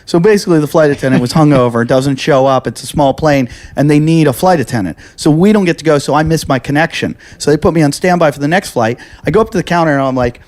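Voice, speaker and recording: A man's voice: a little high, quick pace, few pauses, darkish tone. A man hosting a casual podcast chat, telling an anecdote, acting out quoted voices and laughing often. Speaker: podcast host.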